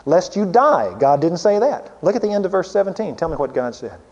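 A man preaching a sermon, swinging between loud emphatic peaks and low hushed asides. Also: expressive, quick pace, in a large hall, highs cut off.

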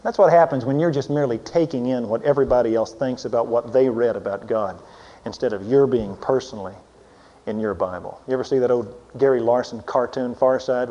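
A man preaching a sermon, swinging between loud emphatic peaks and low hushed asides. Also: big-room sound, highs cut off.

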